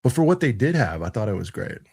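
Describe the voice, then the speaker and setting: A man's voice: on the low side, big pitch swings, fast, vocal fry, darkish tone, breathy edge. A man in his thirties on a review panel, chatting casually and rambling, with lots of "dude" and "like". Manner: rambling and laid-back, full of "dude" and "like". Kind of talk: casual chat.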